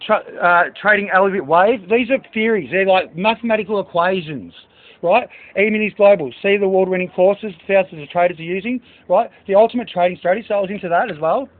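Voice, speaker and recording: A man's voice: high voice, brisk. A man in an agitated, rambling monologue, swearing and reading out a list of book titles to staff. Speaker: speaker addressing staff. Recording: tinny phone-like recording.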